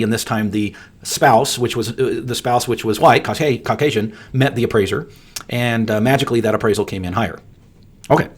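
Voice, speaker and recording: A man hosting a solo podcast, talking earnestly and emphatically, often repeating words for stress. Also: medium pitch. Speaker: podcast host and appraiser coach.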